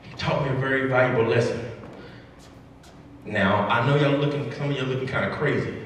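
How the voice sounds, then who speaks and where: A man telling a story in a keynote speech to educators, animated and repetitive, building emphasis with each line. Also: mid-range voice, fairly quick, slight background noise. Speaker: motivational speaker to educators. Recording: echoey hall, mic far off.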